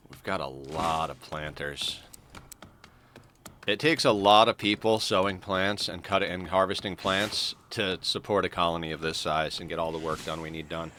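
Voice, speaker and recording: A man's voice: low-pitched, pushed and bright, a little hiss or hum. A man casually commenting on his game as he plays, stuffed up with a morning voice and rambling with fillers as he thinks aloud. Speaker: streamer playing a colony sim.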